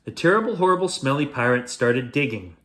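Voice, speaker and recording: A man hosting a show, reading a children's bedtime story aloud in a playful, expressive way. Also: mid-range voice, fairly quick.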